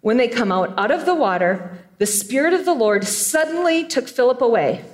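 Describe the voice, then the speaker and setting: A woman preaching a sermon, retelling a scripture story with animated storytelling and playful asides. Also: fairly high pitch, normal speed. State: choked up with emotion.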